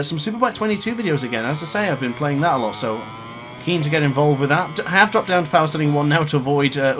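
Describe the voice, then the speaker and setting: A man's voice: fairly high pitch, a bit bright. A man in his late twenties commentating his own racing game live, ranting in frustration between exasperated laughs. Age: 20s. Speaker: gaming YouTuber.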